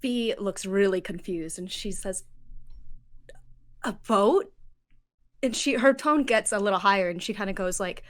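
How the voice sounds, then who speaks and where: A woman's voice: mid-range voice, fairly quick, hardly any pauses. A woman player narrating her character's actions in a tabletop game, in a descriptive way.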